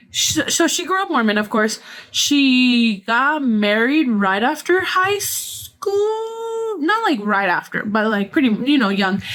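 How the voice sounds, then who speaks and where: High-pitched and a bit bright, this woman hosts a podcast with a Mexican-American accent and Spanish phrases. Casual and gossipy, she tells stories bluntly, with sarcasm and plenty of curse words.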